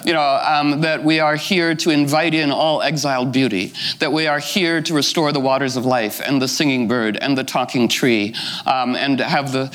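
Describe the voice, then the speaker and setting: A man's voice: mid-range voice, fairly even intonation, moderate pace, fairly bright tone, poor audio. A middle-aged man retelling a fairy tale informally, rambling with asides and many "you know" fillers. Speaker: storyteller.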